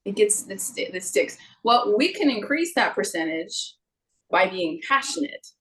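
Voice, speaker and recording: A middle-aged woman guest talks about voice and singing in a relaxed interview. She is lively and expressive and sometimes drops into playful put-on voices to illustrate a point. Her pitch sits in a typical middle range for a woman. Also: a little slow, poor audio. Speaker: guest, singer and vocal coach. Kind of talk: casual interview chat.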